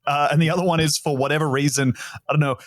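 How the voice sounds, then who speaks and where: A man's voice: on the high side, steady tone, fast talker, dry recording, clean studio sound. A man with an Australian accent telling crude, laughing stories as a podcast guest in casual chat.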